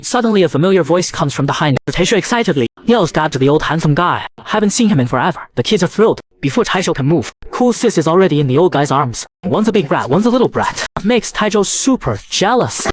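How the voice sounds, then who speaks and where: A man narrating a comic story recap in a brisk, breezy scripted style. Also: on the high side, very animated.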